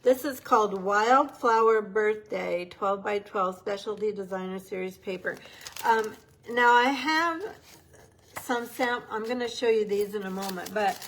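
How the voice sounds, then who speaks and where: A woman's voice: mid-range voice, a little slow, a bit bright, a little hiss or hum, rough recording. A woman giving a casual, upbeat craft tutorial, chatting as she works with her hands. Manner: chatty, upbeat, talks while working with hands. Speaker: papercraft demonstrator.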